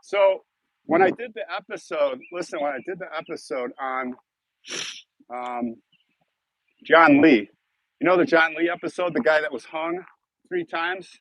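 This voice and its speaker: A man's voice: fairly high pitch, animated, measured pace, pauses often, a bit bright, dry recording, low-quality recording. A man with a Chicago accent, chatting casually and rambling with viewers on a live stream. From Chicago, United States. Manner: rambling and chatty, thanks donors. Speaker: YouTube host on a live stream.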